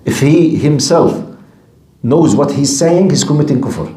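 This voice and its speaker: A man's voice: on the high side, animated, unhurried, warm tone, reverberant. Emphatic man giving a religious lecture. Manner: switches between quoted Arabic and English explanation, emphatic and repetitive. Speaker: Islamic teacher.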